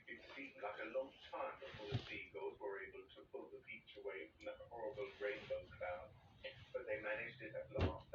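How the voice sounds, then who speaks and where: Man reading a storybook aloud, expressive, distant echoey recording. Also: lowish voice. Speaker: reader. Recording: dull distant roomy recording with hiss.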